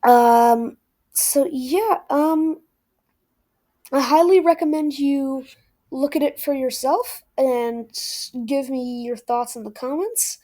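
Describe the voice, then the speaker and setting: A woman's voice: sits high, takes it slowly, dark tone. A woman giving a casual book review, hesitant and self-deprecating, with many ums.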